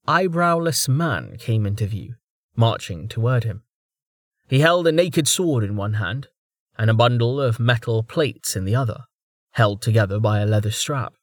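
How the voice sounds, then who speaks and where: A man reads a fantasy novel in a steady, measured audiobook style. His voice sits at an everyday middle pitch, and the close mic gives a dry, echo-free sound. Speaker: audiobook narrator. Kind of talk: audiobook narration.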